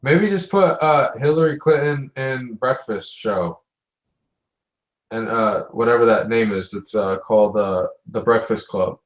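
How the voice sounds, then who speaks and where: A man's voice: mid-range voice, a little slow. Slangy, laid-back man in an echoey room. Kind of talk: casual chat. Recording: roomy, echoey recording.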